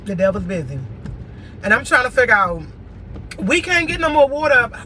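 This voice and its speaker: Casual vlogger man, high bright voice, ranting and exasperated, in a car with faint road hum. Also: big pitch swings, a little fast, rough recording. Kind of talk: casual venting vlog. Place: inside a car.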